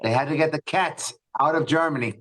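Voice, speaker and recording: A man's voice: a little high, a little fast, fairly bright tone, rough recording. Rambling, enthusiastic male co-host. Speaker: podcast co-host. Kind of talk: casual chat.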